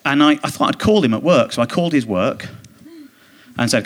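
A man's voice: medium pitch, lively intonation. Indignant male comedian telling a story. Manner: rambling, indignant storytelling with quick mimicked quotes. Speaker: comedian guest. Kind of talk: casual anecdote in a live podcast interview. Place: theatre stage.

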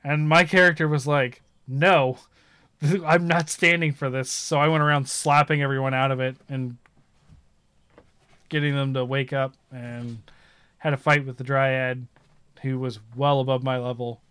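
A man chatting casually about games, rambling and animated as he tells stories. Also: mid-range voice, normal speed, clear, resonant tone, dry recording. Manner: rambling, animated storytelling with laughs.

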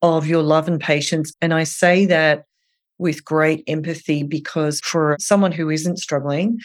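A calm clinician guest talking through advice gently and earnestly, laying things out one step at a time in a voice of middle pitch. The delivery is steady, caring and patient. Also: unhurried. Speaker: eating disorder clinician guest. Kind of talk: advice in an interview.

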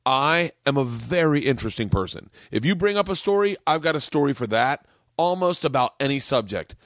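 A man hosting a podcast, chatting casually and telling stories with excitable emphasis. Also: mid-range voice, brisk, no room sound, studio quality. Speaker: podcast host. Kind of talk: casual chat.

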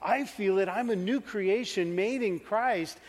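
A man with a high voice preaches and tells a story from his own life, acting out the scenes as he goes. His voice rings through a large church hall with a long echo. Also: measured pace. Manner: animated storytelling, acts out his younger self. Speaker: pastor. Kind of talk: sermon with personal story.

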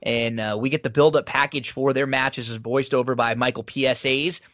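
A man's voice: medium pitch, fairly even intonation, moderate pace, a bit bright, no room sound. A man casually recapping an old wrestling show on a podcast, chatty and rambling with fillers.

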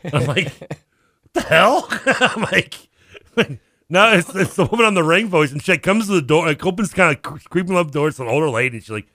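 A slightly high-voiced man co-hosts a sports talk program in a radio studio, speaking fast and expressively with a bright, forceful tone. Chatting casually, he spins a lengthy comic tale, voicing the people he quotes and laughing frequently. It's a dry, studio-quality recording on a studio mic.

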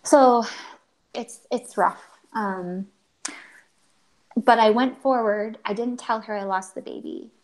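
A woman's voice: a little high, slow, long pauses, low-quality recording. A woman in her thirties, a guest telling an emotional personal story in earnest, acting out quoted dialogue and often restarting her sentences.

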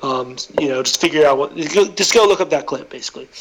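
A man's voice: a little high, fast, noisy background. A man co-hosting a casual podcast who brings up topics, asks questions, and pushes back with skepticism. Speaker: podcast co-host.

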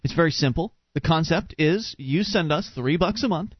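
A man's voice: fairly high pitch, expressive, moderate pace, husky, no echo. A man hosting a call-in talk radio show, with wry, joking asides. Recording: dull, muffled radio broadcast.

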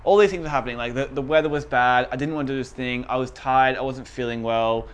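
A young man in a relaxed chat, his voice sitting at an ordinary mid pitch. He tells stories about himself in a chatty, self-deprecating way and breaks into laughter often. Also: fast, smooth. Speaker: podcast co-host. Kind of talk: casual chat.

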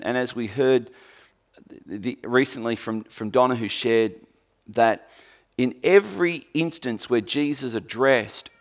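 Delivering a sermon, this male pastor is emphatic and drily funny, moving from loud, forceful high points down to hushed, low passages.

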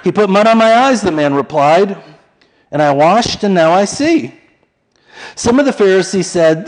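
A man preaching a conversational, animated sermon and acting out the quoted voices. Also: a little high, low-quality recording. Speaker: pastor.

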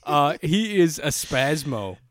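A man's voice: on the high side, big pitch swings, slow pace, no room sound, clean studio sound. A man in casual chat, rambling and swearing with lots of filler words. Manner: loose, swears a lot, rambling with many "like"s.

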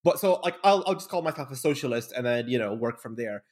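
A man's voice: mid-range voice, animated, quick pace, darkish tone. A young man from Bahrain, a podcast guest, talking casually and rambling with lots of fillers and restarts. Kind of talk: casual conversation.

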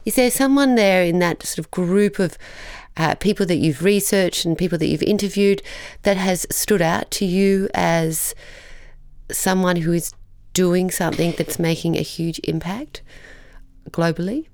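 A woman's voice: on the low side, clear, resonant tone, no echo. A woman interviewer asks questions that halt and restart, and she agrees readily with her guest. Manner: warm and agreeable, with halting, self-correcting questions. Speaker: interviewer, events manager. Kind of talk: conversational interview.

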